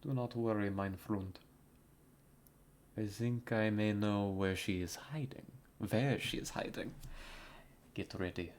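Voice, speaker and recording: A man voicing a calm middle-aged German doctor with a put-on German accent, reading game dialogue aloud in a slow, measured way. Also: on the low side. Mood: grave.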